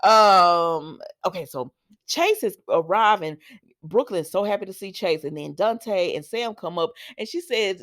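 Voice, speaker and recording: A woman giving a chatty, sassy spoken recap, talking straight to viewers and acting out the characters' lines in quick bursts. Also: on the low side, expressive, fairly bright tone. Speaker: soap opera recap host.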